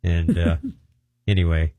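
A middle-aged minister telling a long, meandering testimony and often breaking off mid-sentence. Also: male voice, low voice, level tone, slow, warm tone, no room sound. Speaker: deliverance minister. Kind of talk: rambling testimony storytelling.

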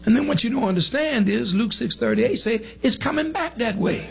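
Gravelly high-voiced preacher. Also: male voice, animated, a little fast, few pauses. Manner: preaching with rising emphatic cadence. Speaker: pastor. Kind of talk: sermon.

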